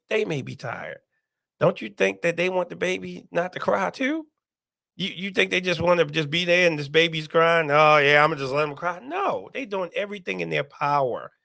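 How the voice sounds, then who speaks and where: A man's voice: a little high, gravelly, bright, forceful tone, no room sound, studio quality. A man hosting a casual live stream, talking to viewers and reading their comments aloud, repeating himself often. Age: adult, parent.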